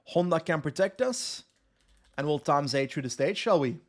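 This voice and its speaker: A man's voice: on the high side, expressive, moderate pace. A young man from West Flanders with a Flemish accent, giving casual live commentary on a cycling game and answering his chat. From West Flanders, Belgium. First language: Dutch (West Flemish). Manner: chatty, reads chat aloud and answers. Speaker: streamer.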